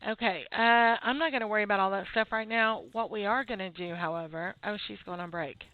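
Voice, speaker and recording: A woman's voice: medium pitch, brisk. Laid-back woman half asleep narrating her game, thin lo-fi audio. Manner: drowsy, laid-back, chatty. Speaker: gameplay video host. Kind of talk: relaxed gameplay commentary. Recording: tinny phone-like audio with faint game music.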